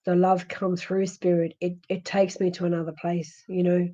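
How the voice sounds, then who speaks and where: A woman with an Australian accent, a husky voice and a fading, hoarse throat, gently consoling a viewer in a live-stream psychic reading with many restarts. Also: lowish voice, level tone, normal speed, few pauses, dull audio. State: hoarse, losing her voice. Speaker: psychic medium.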